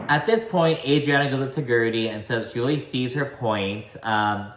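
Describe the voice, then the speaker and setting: A man's voice: medium pitch, a bit bright. Chatty, cussing man in an echoey room. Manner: chatty, swears often, says "like" a lot; admits talking fast and mashing words together. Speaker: reality TV recap host. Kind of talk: casual profane recap vlog.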